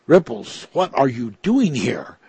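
A man's voice: medium pitch, sing-song, slow, gravelly, a little mellow, breathy edge, no echo, heavily acted. A man voicing a proud male inventor who orders his creation about in a spoken story. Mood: indignant. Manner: commanding, indignant.

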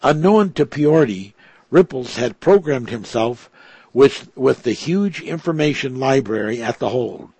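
Male preacher, husky voice, dry sound, stumbling storyteller. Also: mid-range voice, lively intonation, measured pace, a little mellow, no echo. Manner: hesitant, frequent restarts and stumbles. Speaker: preacher telling a religious story. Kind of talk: slow reading of a story with commentary.

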